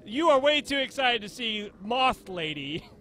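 A playful young let's play host gives casual commentary while playing a video game, often laughing and reading the game's lines aloud in put-on voices. His voice is very high, sing-song, unhurried and a bit bright, with soft music in the background.

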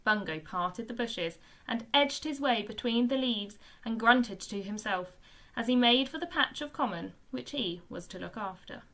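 A woman teacher reads a children's book aloud to young pupils. Her voice is bright and clear, and her pitch rises and falls a great deal as she tells the story expressively. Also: expressive, moderate pace. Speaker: primary school teacher.

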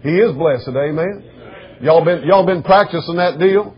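A middle-aged man preaching a sermon as pastor, emotional, going from soft and teary to shouting. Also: a little high, measured pace. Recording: dull lo-fi church recording.

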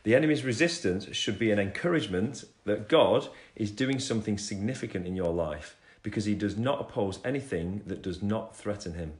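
Guy rambling about his faith on a livestream at home, lowish voice, keeps cutting himself off, echoey room. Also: expressive, a little fast, hardly any pauses. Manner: rambling, self-interrupting, reads scripture aloud. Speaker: Christian speaker sharing testimony. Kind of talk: casual religious livestream talk.

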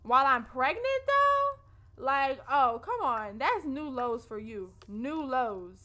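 A young woman provides casual commentary on her let's play, chatting expressively in slang with her audience. She speaks slowly in a high, sing-song voice with a sharp tone.

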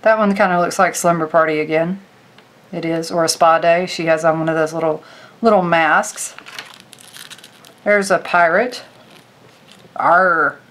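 A woman's voice: on the low side, fairly even intonation, moderate pace, long pauses. A woman vlogger chatting casually to her viewers as she pages through a craft booklet, gushing over each picture. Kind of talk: casual product walkthrough.

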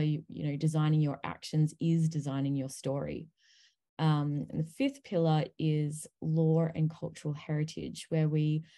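A woman on an online panel, presenting a course pillar by pillar with many ums. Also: low voice. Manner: many ums, steady explaining pace.

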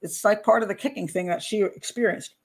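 A woman's voice: medium pitch, fairly quick, vocal fry, husky. A woman hosting a true-crime commentary show, talking casually and chattily, often breaking off her own sentences and laughing at herself.

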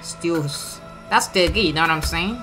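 A woman hosting a gaming channel, giving excitable, slangy, trash-talking let's play commentary and taunting enemies. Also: lowish voice, normal speed. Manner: slangy, swears often. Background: game music.

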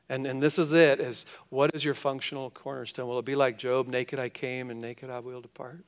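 An older male pastor preaching a sermon, who swings from loud questions to hushed, quiet endings. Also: medium pitch, flat delivery, moderate pace, hardly any pauses.

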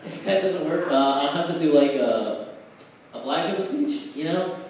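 A young man doing stand-up at an open mic in a bar, rambling loosely with lots of fillers and now and then jumping into loud put-on voices. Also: a little high, lively intonation, normal speed. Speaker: stand-up comic. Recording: echoey bar room, far from the mic, noisy.

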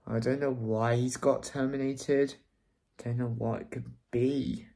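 A male vlogger talking casually to the camera, upset and close to tears, halting and repeating himself. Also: mid-range voice, little pitch movement, warm tone. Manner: repetitive, halting, keeps restating himself. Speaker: fan channel vlogger.

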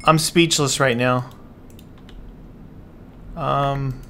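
Slow-talking dismayed gamer guy. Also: medium pitch, steady tone, fairly bright tone, slight background noise. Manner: dismayed, keeps exclaiming and muttering to himself while playing. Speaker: gaming channel host. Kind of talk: casual let's-play commentary.

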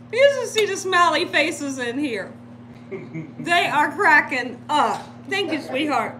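A woman hosting a live cooking stream from home, chatting casually and telling stories with frequent laughter. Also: high-pitched. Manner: animated, laughs often while telling stories. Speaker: cooking channel host.

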